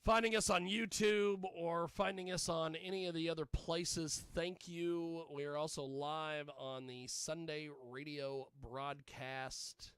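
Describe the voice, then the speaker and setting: A man's voice: a little high, steady tone, slow, few pauses, fairly bright tone, smooth, dry recording, studio quality. A man hosting a live radio-style show, rambling casually and tossing jokey asides to himself.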